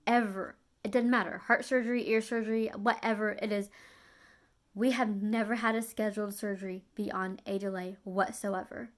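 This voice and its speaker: A woman's voice: fairly high pitch, fairly bright tone. A young woman vlogger recounting a personal hospital experience in an earnest, confiding way, with frequent fillers and restarts. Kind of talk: emotional personal storytelling.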